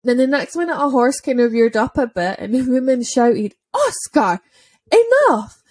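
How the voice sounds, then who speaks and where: A woman's voice: on the high side, a little fast, darkish tone, dry recording. A woman telling a dog-walking story in a casual podcast chat, chatty and full of "like" fillers. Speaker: dog owner and podcast speaker.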